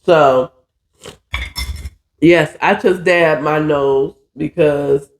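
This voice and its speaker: A man's voice: on the high side, fairly even intonation, drawn-out words. A man hosting a podcast, casually retelling a novel chapter with loose side comments and some swearing. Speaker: podcast host. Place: alone in a room. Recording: echoey room.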